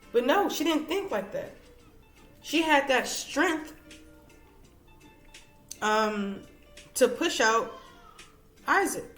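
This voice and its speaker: A woman's voice: sits high, lively intonation, takes it slowly, pauses often, fairly bright tone, roomy sound, soft background music. A woman teaching women from scripture in a conversational way, reading verses aloud and checking in with "all right" and "okay". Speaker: women's Bible study teacher.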